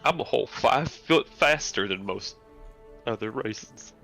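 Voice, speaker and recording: A man with a low, gravelly voice that still carries a bright edge, chatting at a tabletop game. He thinks aloud in halting, trailing phrases, and his pitch swings widely. Faint music plays behind him. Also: animated. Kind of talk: casual game-table chat.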